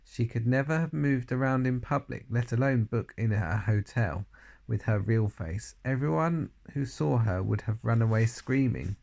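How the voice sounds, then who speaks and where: A man reads a children's novel aloud, narrating in the first person. His mid-range voice has a gravelly, creaky texture, and he leans on key words for effect. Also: mid-range voice, moderate pace, a little mellow. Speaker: audiobook reader.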